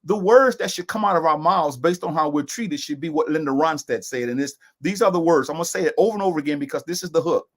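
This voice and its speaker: A man's voice: fairly high pitch, fast, hardly any pauses. A middle-aged man co-hosting a casual discussion broadcast, talking in an emphatic, preachy way. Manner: preachy, emphatic, sings and repeats lines. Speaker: co-host.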